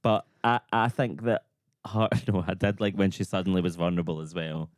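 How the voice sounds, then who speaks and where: Low-voiced man in gossipy podcast chat. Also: steady tone, fairly quick, no echo. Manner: gossipy, laughs often, acts out quotes. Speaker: podcast guest, comedian. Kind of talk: casual chat.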